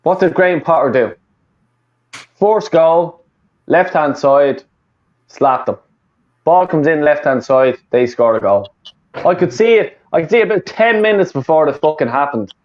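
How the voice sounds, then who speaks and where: A man's voice: fairly high pitch, expressive, moderate pace, darkish tone. A man from Dublin with an Irish accent, ranting casually and swearing a lot as a football fan co-host. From Ireland, Dublin. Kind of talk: casual chat. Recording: muffled lo-fi audio.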